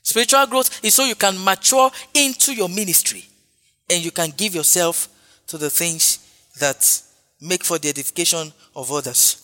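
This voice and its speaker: Emphatic preacher guy, lots of hallelujahs, bright ringing voice, churchy reverb. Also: sits high, moderate pace. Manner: emphatic, repeats phrases, frequent hallelujahs. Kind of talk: sermon. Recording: long hall reverb with faint music.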